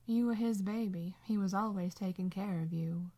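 A woman doing a gentle, teasing old blind woman. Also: fairly high pitch, moderate pace, pitched above the performer's own voice, lightly acted. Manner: fond, teasing, motherly.

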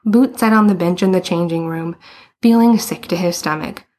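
Woman audiobook narrator, lowish pitch, even storytelling. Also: normal speed. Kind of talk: scripted narration.

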